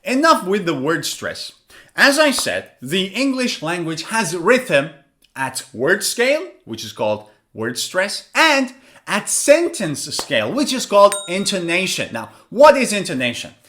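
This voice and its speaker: Give me a man teaching intonation, with a slightly high, very lively voice. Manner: slow, exaggerated demonstration of stress and intonation. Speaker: English pronunciation teacher. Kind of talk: lesson narration with spoken examples.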